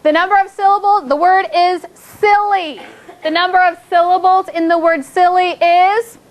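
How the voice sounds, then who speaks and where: A woman leads second graders through a phonics lesson in a classroom. Her voice sits very high, and she stretches each target word out slowly before cheering the children on. Classroom noise is clearly audible behind her. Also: fairly even intonation. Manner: slow, drawn-out words for children, upbeat praise.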